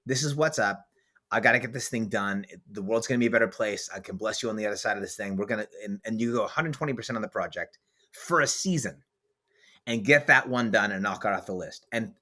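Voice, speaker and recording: A man's voice: medium pitch, fairly bright tone. A man hosting a podcast as author and coach, talking in a blunt, emphatic way with vivid swearing. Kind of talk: casual podcast conversation.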